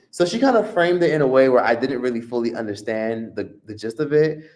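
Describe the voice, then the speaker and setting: A man hosting a live stream, telling a profane, animated story in a casual rant. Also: medium pitch, brisk, hardly any pauses. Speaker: streamer host. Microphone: streaming mic.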